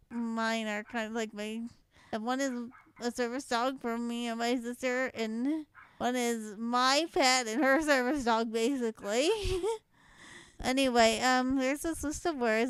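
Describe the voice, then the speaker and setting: A woman's voice: on the high side, smooth. A young woman with a light Southwest Louisiana accent, chatting casually at home in an accent challenge vlog, rambling and laughing lightly. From southwest Louisiana, born in Michigan. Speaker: vlogger.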